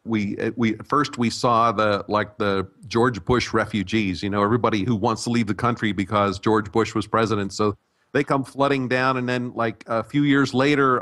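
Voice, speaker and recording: Older American man, low voice, relaxed storytelling, restarts often, interview guest. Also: normal speed. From United States. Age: 60s. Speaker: guest, retirement abroad expert. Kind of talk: conversational interview.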